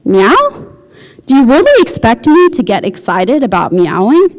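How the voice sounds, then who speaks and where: A woman's voice: fairly high pitch, very animated, normal speed, long reverb tail, poor audio. A woman reading aloud as a skeptical, sarcastic husband. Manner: sarcastic, dry.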